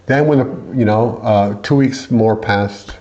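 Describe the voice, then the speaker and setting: A man's voice: lowish voice, slow pace, a little mellow, muffled recording. A middle-aged man from the United States, irritated and rambling as he complains in a vlog, with many restarts. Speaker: vlogger.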